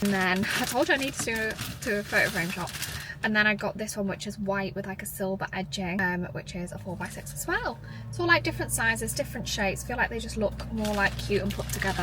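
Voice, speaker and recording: A woman's voice: mid-range voice, very noisy. A young woman chatting casually through a haul vlog at home, full of "like" fillers. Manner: drops to a near-whisper at times. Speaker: vlogger.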